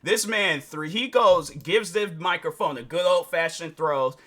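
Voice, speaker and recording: A male vlogger with a bright, forceful voice that sits a little above the usual pitch for a man. He talks casually and animatedly, throwing in slang and speaking straight to his viewers, and now and then slips into excited high impressions of other people. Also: measured pace. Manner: informal slang, addresses viewers directly. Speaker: YouTube reaction host. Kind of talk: casual opinion commentary.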